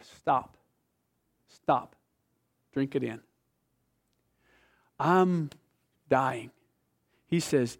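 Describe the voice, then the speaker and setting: A man preaching a sermon as pastor, swinging from loud emphatic bursts to slow, hushed, intimate reading of scripture. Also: medium pitch.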